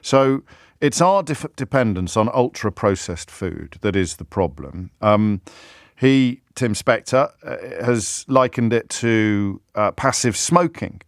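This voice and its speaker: A man's voice: on the low side, expressive, slow, no room sound. A man hosting a radio phone-in from a studio, talking in a chatty, self-mocking way with frequent restarts and repeated words. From Britain. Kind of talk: talk radio monologue. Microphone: studio microphone.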